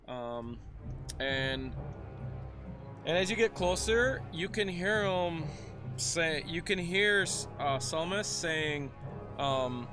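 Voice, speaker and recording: A young man narrating as game master, halting and restarting as he describes the scene. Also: fairly high pitch, lively intonation, music in the background. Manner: halting, many fillers and restarts.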